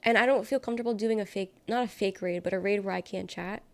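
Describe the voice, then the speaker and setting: A young adult woman livestreamer with a medium-pitched voice talks fast, chatting casually and sarcastically. She reads viewer comments aloud, reacts to chat, and rambles between topics.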